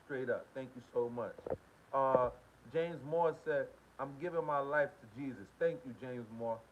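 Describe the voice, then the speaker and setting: A man's voice: medium pitch, unhurried. A man hosting a live stream, talking casually and repetitively in while reading viewer comments. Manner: venting, repetitive, slangy. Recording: dull lo-fi stream with faint hiss.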